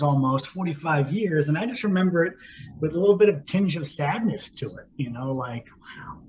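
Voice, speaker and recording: A man in his fifties co-hosting a podcast, musing over old memories in a thoughtful way. His voice sits a little high, and the recording is muffled and lo-fi. A faint hiss runs underneath. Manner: reflective, thoughtful storyteller. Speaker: podcast co-host. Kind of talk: casual chat.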